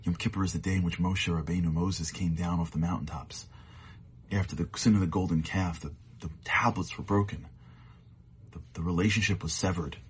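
A man giving a short, earnest sermon as a storyteller, sometimes dropping to hushed tones for emphasis. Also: low voice, fairly even intonation, brisk, slight background noise.

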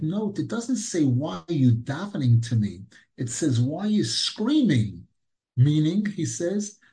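A man teaching a Torah class as a rabbi, mixing Hebrew terms into English and rising to high, emphatic questions when he quotes. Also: darkish tone, rough recording. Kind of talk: animated Torah lecture.

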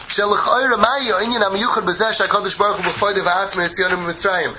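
A man teaching a Torah lesson in an animated, joking way, mixing Hebrew quotes with English explanation. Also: sits high, fast, a little hiss or hum, poor audio. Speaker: rabbi teaching a class.

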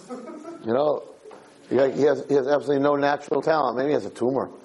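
A man's voice: medium pitch, steady tone, fast, darkish tone, breathy edge, some chatter behind, low-quality recording. A tired man teaching an informal Torah class, telling a joke in a chatty, storytelling way. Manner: chatty storyteller, acts out the characters. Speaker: rabbi giving a Torah class.

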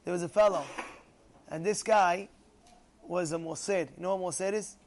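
High-voiced man telling a story in class. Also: steady tone, moderate pace, a little mellow, slight background noise. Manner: repetitive, emphatic storytelling. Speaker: Torah teacher.

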